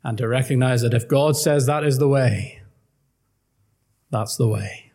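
A man's voice: mid-range voice, unhurried, vocal fry, darkish tone. A man preaching an earnest, emphatic gospel sermon and quoting old-style scripture.

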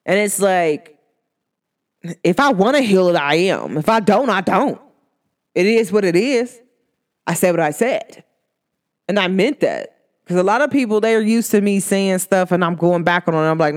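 A woman vlogger talking in a casual motivational monologue, slangy and chatty, with frequent laughs and upward pitch swoops when she gets excited. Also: normal speed.

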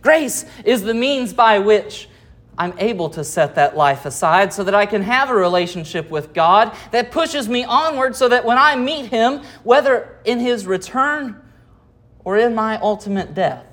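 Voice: medium pitch, expressive, a little slow, a bit bright. A pastor preaching an expository sermon, reading scripture aloud and explaining it, often asking rhetorical questions. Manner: reads scripture aloud and comments verse by verse.

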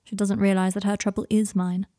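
A woman voicing an anxious, prim young wizard man who speaks in a fretful, formal way, a bit higher than her narration. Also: level tone, brisk, dark tone, dry recording, studio quality, close to an everyday voice. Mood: earnest.

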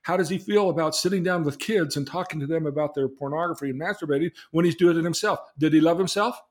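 This slightly high-pitched father talks fast while telling his daughter a story from his life that carries a religious lesson. He earnestly questions her and dramatizes the voices of those involved.

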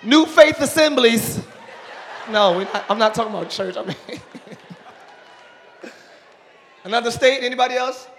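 High-voiced pastor greeting his congregation. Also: moderate pace, long pauses, fairly bright tone. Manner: playful, joking with the congregation. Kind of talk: live sermon crowd work. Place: large church auditorium. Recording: live church hall with crowd noise.

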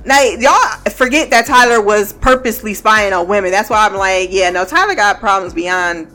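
A woman's voice: medium pitch, normal speed, pushed and bright, soft background music. A woman giving a casual, blunt and profane recap of a TV show, often breaking into laughter. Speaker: TV show reviewer.

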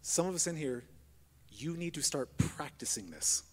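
Male pastor, high-pitched, delivers a sermon that swings from hushed prayer to loud emphasis, long hall reverb. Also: big pitch swings, normal speed, slight background noise.

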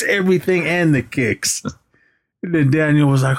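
A man co-hosting a podcast, chatting casually about a movie and excitedly acting out its scenes with laughs. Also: mid-range voice, normal speed, creaky. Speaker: podcast co-host.

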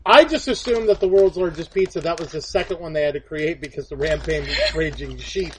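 A man's voice: on the high side, a little fast, noisy background. A man co-hosting a podcast in casual chat, joking and theatrical. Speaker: podcast co-host.

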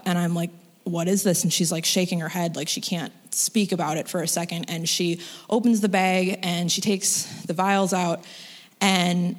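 A woman telling a personal story in a casual, chatty way, full of "like" and "you know" fillers. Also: fairly low pitch. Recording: long hall reverb.

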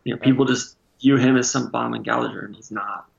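A man chatting casually on a podcast, trading strong opinions with a joking edge. His voice has a gravelly fry to it. The recording is a little dull and lo-fi. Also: medium pitch, steady tone, brisk, a crowd in the background. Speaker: podcast co-host. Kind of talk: casual sports chat.

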